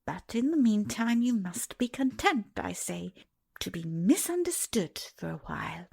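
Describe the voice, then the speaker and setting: A wise old grandmother speaks softly and calmly, almost in a whisper, as a woman puts her on. A faint gravelly texture runs under the hush. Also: mid-range voice, a little slow, heavily acted. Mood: gentle. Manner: soft and hushed, close to a whisper. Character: wise, gentle old grandmother, calm and loving.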